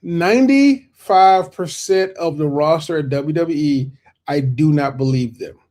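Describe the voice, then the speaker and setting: A man's voice: a little high, a little slow, darkish tone. A man co-hosting a wrestling podcast, talking casually in rambling runs with repeated restarts. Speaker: podcast co-host. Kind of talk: casual wrestling debate chat.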